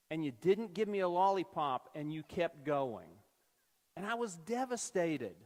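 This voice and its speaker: A male pastor delivers a sermon with an animated storytelling manner, slipping into quoted voices as he goes. His voice sits somewhat high for a man. The sound carries a long reverb from a church sanctuary. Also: a little slow.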